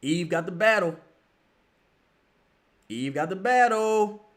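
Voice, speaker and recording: Young male streamer, bright cutting voice, a touch high, excitable, foul-mouthed fan commentary. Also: takes it slowly. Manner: excitable, profane, bursts into yelling at the players. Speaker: streamer watching a basketball game live. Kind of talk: live fan watch-along commentary.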